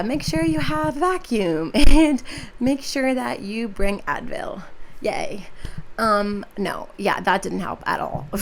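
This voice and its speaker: A woman's voice: medium pitch, gravelly, a little hiss or hum. A twenty-one-year-old woman hosting her own podcast, talking casually and chattily with lots of "like" and "um". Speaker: podcast host.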